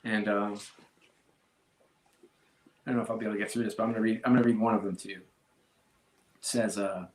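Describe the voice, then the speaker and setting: A middle-aged man speaking candidly as an interview guest, earnest and halting, often restarting his sentences. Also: on the low side, steady tone, echoey room, slight background noise. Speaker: sports team executive, guest.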